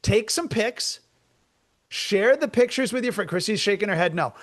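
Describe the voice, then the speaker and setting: A man co-hosting as a comedian, talking in a rambling, joking, animated way in casual chat. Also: high voice, moderate pace. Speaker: comedian co-host.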